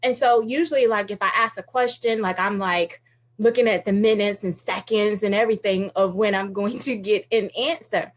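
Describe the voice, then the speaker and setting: A woman radio host telling a faith story in a casual, animated way, with lots of fillers and frequent laughter. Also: medium pitch, moderate pace. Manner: uses many fillers like "like" and "you know".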